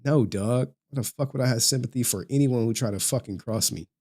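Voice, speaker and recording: A man's voice: mid-range voice, fairly quick, darkish tone, breathy edge. A young man ranting on a livestream, profane and mocking, often breaking into laughter. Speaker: streamer. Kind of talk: livestream rant.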